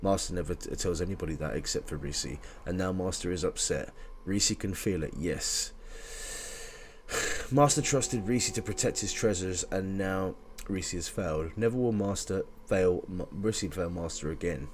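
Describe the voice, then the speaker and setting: A man's voice: sits low, normal speed, a little hiss or hum, close to an everyday voice. A man voicing a small, childlike female guardian creature who talks about herself by name in broken grammar. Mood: fretful.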